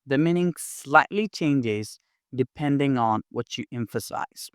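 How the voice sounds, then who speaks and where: Male language teacher, unhurried delivery, dry close sound, instructive scripted tone. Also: medium pitch, lively intonation, dry recording. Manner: clear, deliberate, instructive delivery. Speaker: English teacher. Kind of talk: scripted lesson narration.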